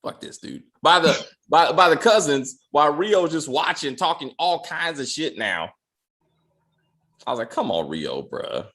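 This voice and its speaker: A man hosting a casual TV episode review, animated, laughing, and acting out the characters' lines in voices. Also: on the high side, a little slow. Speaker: show host.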